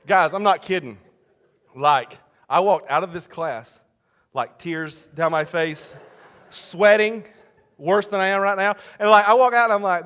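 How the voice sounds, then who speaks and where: A male pastor tells a story in a lively, animated way, dropping to near murmurs and then bursting into shouts. His voice is fairly high and very bright. A long reverb trails behind him in a large hall. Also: measured pace. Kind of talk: sermon.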